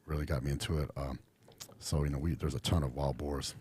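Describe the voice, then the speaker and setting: A man's voice: very deep voice, fairly even intonation, brisk, a little mellow, husky. A middle-aged man from Texas, a podcast guest talking casually with a laid-back drawl and lots of fillers. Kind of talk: casual interview chat.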